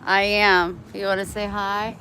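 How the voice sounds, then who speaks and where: Slow-talking woman vlogger. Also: mid-range voice, little pitch movement, bright, forceful tone, low-quality recording. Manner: slow, chatty, plainspoken. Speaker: vlogger livestreaming. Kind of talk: casual chat. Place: outdoors near her home.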